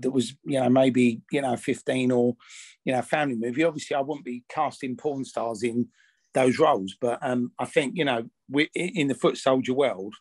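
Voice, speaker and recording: A man's voice: medium pitch, a little mellow, slightly rough, no room sound. A man, an actor telling stories in a candid interview, blunt and full of restarts. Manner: blunt, rambling, many restarts and fillers. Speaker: actor and film producer being interviewed.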